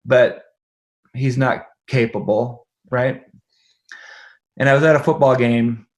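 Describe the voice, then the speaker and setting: Animated man telling a family story. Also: medium pitch, takes it slowly. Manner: animated, acts out quoted dialogue, laughs often. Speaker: podcast guest. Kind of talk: conversational storytelling.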